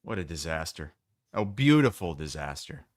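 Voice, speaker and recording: A man co-hosting a sports podcast, chatting casually, teasing his co-host and asking quick questions. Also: very deep voice, big pitch swings, no echo, clean studio sound.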